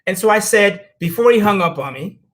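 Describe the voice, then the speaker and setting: A man's voice: sits high, brisk. A middle-aged man on a podcast, talking in a blunt, profane and preachy way and telling stories with a lot of life. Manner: animated storyteller. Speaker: podcast guest. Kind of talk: casual podcast talk.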